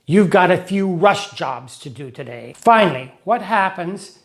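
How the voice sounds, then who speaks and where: Male teacher, high register, patient lesson narration built on examples and rhymes. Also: animated, gravelly. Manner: explains slowly with examples and rhymes. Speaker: English teacher for Russian speakers.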